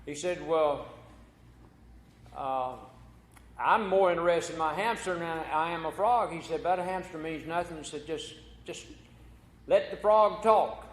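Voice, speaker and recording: A man's voice: on the high side, normal speed, long pauses. A man preaching a folksy sermon as pastor, telling a corny joke before turning to scripture. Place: church sanctuary. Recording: echoey church hall.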